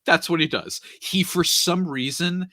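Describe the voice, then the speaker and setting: A man in casual podcast chat, retelling a movie plot with animated, running storytelling. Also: a little high, measured pace, dry recording, clean studio sound. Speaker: podcast speaker.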